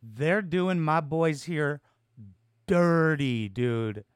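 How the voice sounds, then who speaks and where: A man in his twenties hosting a podcast, reacting loudly and mockingly to a video clip and swearing often. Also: fairly high pitch, drawn-out words, clear, resonant tone, no room sound, studio quality. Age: 20s. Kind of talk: casual reaction commentary.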